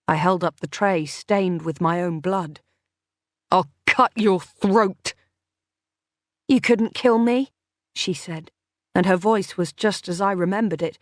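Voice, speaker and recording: A woman narrating a thriller audiobook in the first person, in measured, tense storytelling. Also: mid-range voice, dry recording, studio quality.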